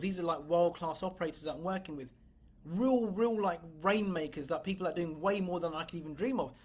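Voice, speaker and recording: A woman's voice: lowish voice, slightly rough. A woman business coach giving a motivational livestream talk, blunt and emphatic, swearing freely and speaking straight to her viewers. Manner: blunt and profane, emphatic, addresses viewers directly.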